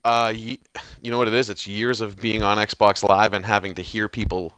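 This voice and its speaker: A man's voice: fairly low pitch, level tone, moderate pace, a bit bright, dry recording. A man hosting a casual podcast chat, loose and profane, laughing often, with a mostly hidden Boston accent. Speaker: podcast host.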